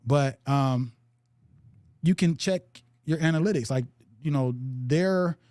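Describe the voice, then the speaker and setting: A man's voice: fairly high pitch, slow, dark tone, no room sound, clean studio sound. A man hosting a podcast in casual chat, loose and full of fillers, often checking in with "right?". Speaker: podcast host.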